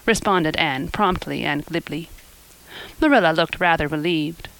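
A woman reading a classic novel aloud as audiobook narrator, clear and measured. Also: deep voice, fairly bright tone, dry recording, rough recording. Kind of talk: scripted narration.

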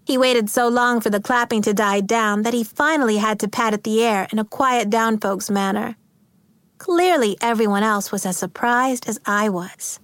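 A woman narrating a first-person novel in an animated, wide-eyed reading voice. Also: a little high, normal speed, no room sound. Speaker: audiobook narrator.

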